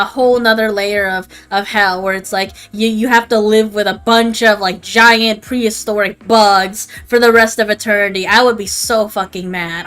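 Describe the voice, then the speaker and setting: Bright young woman rambling on stream. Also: mid-range voice, clear, resonant tone. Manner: rambling and swears freely. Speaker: livestreamer. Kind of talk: casual stream chat.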